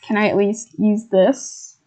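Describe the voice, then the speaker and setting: A woman's voice: mid-range voice, level tone, takes it slowly, mellow. A woman streaming a horror game, swearing and laughing at her own scares as she comments. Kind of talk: live gameplay commentary.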